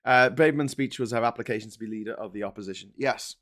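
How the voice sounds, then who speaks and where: A man's voice: medium pitch, fast, a bit bright. A man hosting a casual, sarcastic and exasperated commentary on newspaper front pages. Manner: sarcastic and exasperated, breaking into laughter. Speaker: host.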